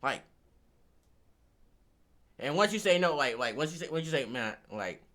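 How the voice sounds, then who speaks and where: A man's voice: mid-range voice, expressive, moderate pace, a bit bright. A man venting in a rant, exasperated, repeating himself and swinging from mutters to outbursts.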